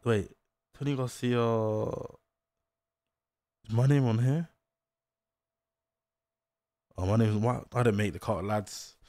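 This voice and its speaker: A young man reacts on a live stream in a casual, excited way. He repeats slang and drifts into quiet mumbles as he reads things out. His mic sounds dry and close. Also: mid-range voice, slow pace, long pauses, no echo.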